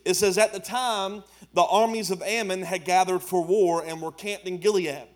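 A man preaches a sermon, his voice sitting high for a man. He talks in plain, colloquial phrases and builds his points with emphatic repetition. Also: fairly even intonation, moderate pace, soft background music. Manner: preaching with rising emphasis and Southern colloquial speech. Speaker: pastor.

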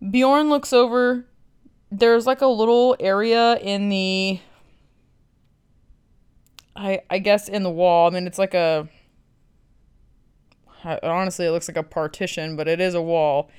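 A woman's voice: medium pitch, clean tone. A woman podcast host recapping a film in a blunt, sarcastic way, swearing freely.

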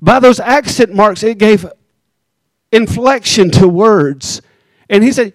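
Male pastor, high-ish voice, conversational sermon delivery with slow emphatic beats, dry close recording. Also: dry recording. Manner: conversational preaching, teasing the congregation, slows down for emphasis.

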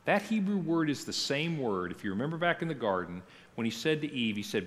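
A man's voice: fairly high pitch, sing-song, a little fast. A middle-aged man, a pastor teaching a church class in a conversational way, often putting questions to his listeners. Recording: long reverb of a church hall.

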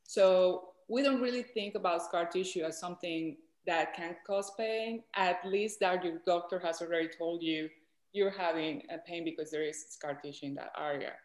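Colombian-accented woman doctor, lowish voice, patient explainer, roomy echo. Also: normal speed. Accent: Colombian Spanish. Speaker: doctor guest. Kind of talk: explaining in an interview.

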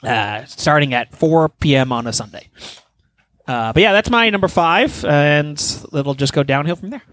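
Speaking at a fairly high pitch and normal speed, a podcast host rambles casually through a story, animated and swearing freely. No room sound is audible.

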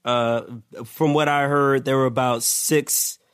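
A man co-hosting a casual podcast, his voice hoarse from yelling, riffing playfully with drawn-out wordplay. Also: mid-range voice, fairly even intonation. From Philadelphia area. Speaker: podcast co-host. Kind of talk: casual chat.

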